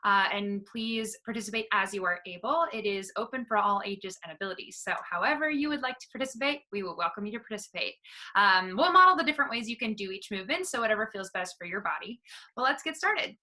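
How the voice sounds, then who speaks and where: A woman teaching artist cheerfully guides a movement warm-up. Her voice is bright and ringing, picked up from a few steps away in an echoey room. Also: medium pitch, expressive, fast talker, recorded from a distance. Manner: encouraging, upbeat instructions.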